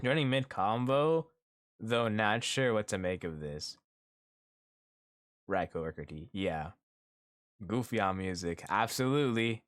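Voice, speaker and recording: A middle-aged man streaming live, telling a story about his workday to his chat in a lively, animated way and acting out the people in it. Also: lowish voice, a little slow, pauses often. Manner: animated storytelling, acts out quoted coworkers. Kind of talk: casual chat with viewers.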